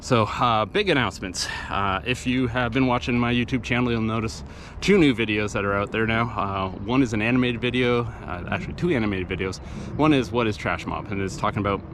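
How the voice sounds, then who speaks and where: A man's voice: lowish voice, a little fast, hardly any pauses, a bit bright, slight background noise. A man casually talking through an outdoor vlog while picking up litter, rambling and matter-of-fact with many fillers. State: out of breath after a hill climb. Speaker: volunteer litter picker and channel host. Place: outdoors in woods and by a roadside.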